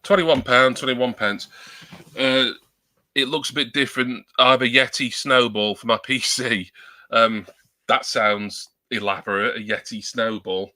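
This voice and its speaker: A man's voice: mid-range voice, fairly even intonation, measured pace, bright, forceful tone. A man at home, chatting casually on a live stream and testing a new desktop USB microphone, rambling and self-deprecating with many ums. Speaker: livestreamer. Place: at home at a computer.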